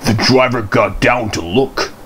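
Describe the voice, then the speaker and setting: A man reading a children's storybook aloud in an expressive storytelling manner. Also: medium pitch, a little slow, a little hiss or hum.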